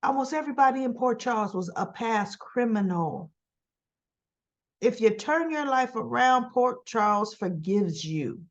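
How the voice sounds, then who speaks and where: A woman's voice: a little high, lively intonation, unhurried, highs cut off. A woman giving a casual, sassy soap opera recap, full of rhetorical questions and tag questions. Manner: sassy, talks straight to the characters.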